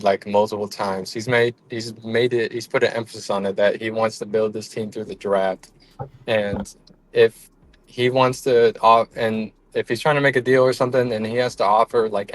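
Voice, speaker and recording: A man's voice: fairly low pitch, no echo, low-quality recording. A man guest on a casual sports talk show, speaking casually with many "like" fillers.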